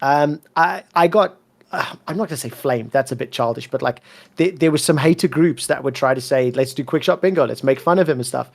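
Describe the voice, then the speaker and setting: A man from South Africa with a soft South African accent that leans British and American, telling his career story in an interview with blunt emphasis and plenty of swearing. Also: mid-range voice, brisk, vocal fry. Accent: soft South African, mixed with British and American. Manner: emphatic, swears freely, repeats words when fired up. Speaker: esports commentator, interview guest.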